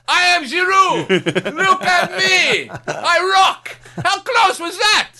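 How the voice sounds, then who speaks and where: A self-admiring male footballer, loud and exclamatory, bragging about near misses, as a man puts him on. The voice sits high and bright and swings wildly in pitch. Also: sing-song, slow pace, heavily acted. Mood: boastful shouting. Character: vain boastful male footballer, preening and shouting.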